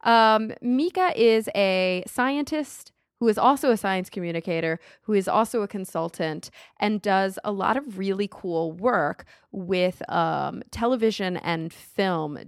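A woman's voice: fairly low pitch, clean tone, no room sound, studio quality. A woman hosting a podcast, talking in an upbeat, chatty way as she thanks supporters and introduces her guest. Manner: upbeat, chatty, reads sponsor thanks and promos. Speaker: podcast host. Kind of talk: casual podcast chat.

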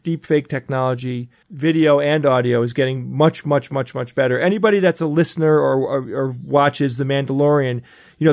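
A man's voice: a little high, no room sound. Upbeat man with a dry, close sound. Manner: enthusiastic, explanatory, frequent restarts. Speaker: podcast co-host. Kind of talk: casual panel chat.

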